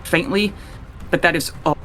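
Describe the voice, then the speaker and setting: A man's voice: on the high side, fairly even intonation, moderate pace, fairly bright tone, soft background music. A young man running a tabletop game as game master, narrating casually and swearing freely. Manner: casual, swears freely, voices characters in passing.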